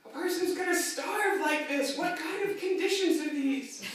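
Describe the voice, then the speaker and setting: A man imitating his elderly grandmother as she loudly complains, heard in an echoey chapel from a distance. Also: very high-pitched, moderate pace, a little hiss or hum, pitched above the performer's own voice. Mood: indignant. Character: indignant elderly grandmother demanding food.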